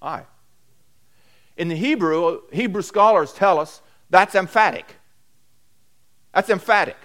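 A man preaching a sermon, swinging between loud emphatic declarations and quieter asides, often repeating key phrases. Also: sits high, a little slow. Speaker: pastor.

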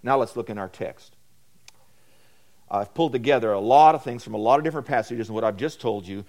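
A man preaching a sermon, swinging between loud emphatic declarations and quieter asides, often repeating key phrases. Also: mid-range voice, brisk. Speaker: pastor.

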